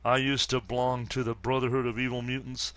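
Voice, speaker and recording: A man reading aloud the lines of a weary young superheroine in a flat, plain delivery, with few pauses. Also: medium pitch, no room sound, lightly acted.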